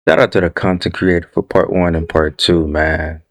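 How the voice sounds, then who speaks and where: Low flat-voiced reaction host. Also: male voice, normal speed, background noise. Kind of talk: casual reaction commentary.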